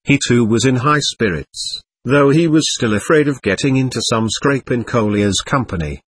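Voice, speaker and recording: A man narrating an audiobook in a steady storytelling voice. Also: mid-range voice, moderate pace, slightly rough, no room sound. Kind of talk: scripted narration.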